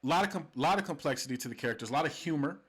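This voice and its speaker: A young man co-hosting a podcast in casual chat, animated and often laughing, with many restarts. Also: fairly high pitch, racing, slightly rough. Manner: animated, laughing, repeats and restarts, drops to a soft hushed voice. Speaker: podcast co-host.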